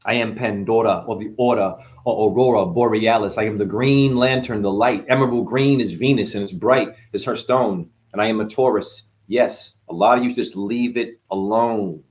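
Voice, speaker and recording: A man's voice: lowish voice, moderate pace, hardly any pauses, darkish tone. A man rapping a rambling, boastful freestyle full of puns and profanity. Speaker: freestyle rapper. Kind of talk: freestyle rap.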